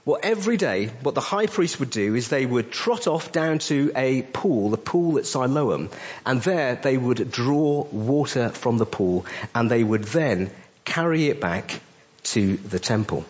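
A male pastor delivers a sermon, his pitch climbing on rhetorical questions and sinking low on the key phrases. His voice sits in a middle register. The church recording is slightly dull and lo-fi. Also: lively intonation, unhurried, darkish tone. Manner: emphatic preaching, rising on questions and dropping low on key phrases.

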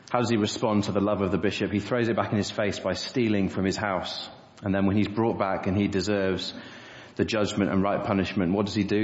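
A man preaching an earnest sermon as a pastor, acting out quoted speech in a raised voice. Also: on the low side. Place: church hall. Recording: dull reverberant church recording.

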